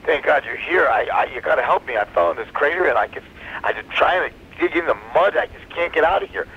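A man voicing a stranded, pleading male elephant in a high, squeaky voice, heard over slightly dull radio audio. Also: lively intonation, fast, creaky, breathy edge, full character voice. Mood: desperate.

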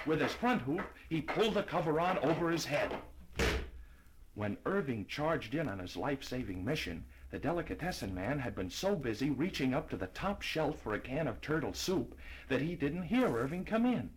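A man reading a children's storybook aloud in a lively, expressive way. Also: medium pitch, moderate pace, heavy background noise. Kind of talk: storybook narration.

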